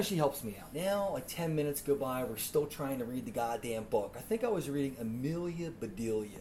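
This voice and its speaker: A man's voice: medium pitch, a little hiss or hum. A man hosting a podcast, telling exasperated, profane comic stories. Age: 30s. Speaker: podcast host. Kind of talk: comedic storytelling monologue.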